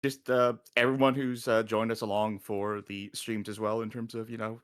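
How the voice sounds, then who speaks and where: Low-voiced, hesitant male co-host. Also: level tone, normal speed, a bit bright, dry recording. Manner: hesitant, polite, many fillers. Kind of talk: casual stream chat.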